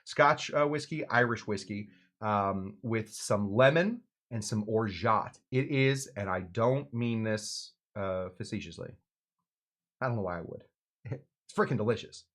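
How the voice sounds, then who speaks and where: A man's voice: fairly low pitch, lively intonation, unhurried, fairly bright tone. Rambling, self-mocking male show host. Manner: rambling, self-mocking, with frequent fillers and restarts. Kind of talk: casual live-stream chat.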